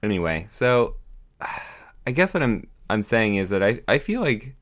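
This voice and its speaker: A man with a notably deep voice co-hosts a casual podcast. He rambles through fillers and puts on a mock-pompous air. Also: big pitch swings, a little slow, a bit bright. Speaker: podcast co-host. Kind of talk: casual chat.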